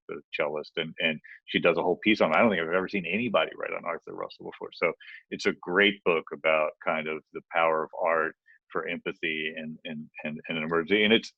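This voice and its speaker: In a casual podcast chat, a male co-host speaks in a low voice with no echo and lo-fi sound. He rambles, restarting often and leaning on fillers.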